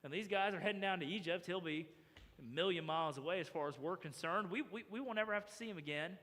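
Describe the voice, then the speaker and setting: Male preacher, sermon, bright forceful tone, acts out characters, echoing church hall. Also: high-pitched, fast talker. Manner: animated, acts out characters' voices. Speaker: pastor. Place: church sanctuary.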